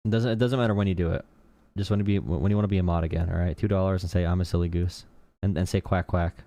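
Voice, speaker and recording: Low-voiced joking male streamer. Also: rapid-fire, vocal fry, warm tone, no room sound. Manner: rambling, joking, talks to chat. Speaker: political streamer host. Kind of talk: live-stream commentary.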